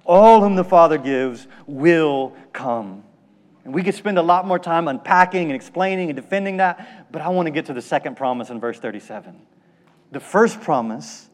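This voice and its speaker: A man preaching a sermon as pastor, building emphatic repeated phrases and dropping to hushed lines. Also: fairly high pitch. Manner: preaching with emphatic, rhythmic repetition and dramatic drops to a hushed voice.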